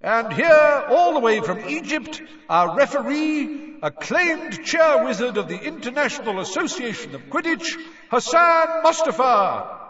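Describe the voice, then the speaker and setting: Man playing a loud stadium announcer, very high and shouting, dull lo-fi recording. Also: big pitch swings, roomy sound, long reverb tail, full character voice. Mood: announcing. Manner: loud, announcing, drawn-out names. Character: booming male stadium announcer, showy. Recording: dull lo-fi sound.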